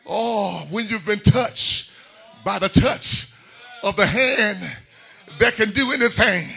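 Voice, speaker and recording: A man preaching a sermon in a church, building into whooping shouts. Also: high-pitched, takes it slowly, vocal fry, slightly rough. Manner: whooping call-and-response preaching, rising into shouts.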